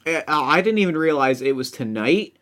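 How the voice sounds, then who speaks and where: A man's voice: on the high side, animated, moderate pace, a bit bright. Hesitant man playing a tabletop game. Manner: hesitant, many fillers and restarts. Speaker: player. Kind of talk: tabletop role-play chat.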